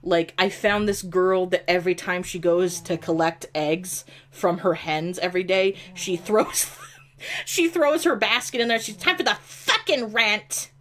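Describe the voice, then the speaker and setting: Rambling, low-voiced woman streamer. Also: measured pace. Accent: upstate New York. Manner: rambling, full of "like", laughs easily. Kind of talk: casual chat while gaming.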